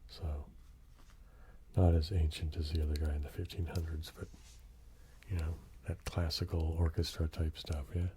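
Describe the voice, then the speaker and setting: An older man hosting a soft-spoken ASMR show and tell, slipping into whispers and rambling with tag questions. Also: a bass voice, level tone, moderate pace, slight background noise. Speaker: ASMR host.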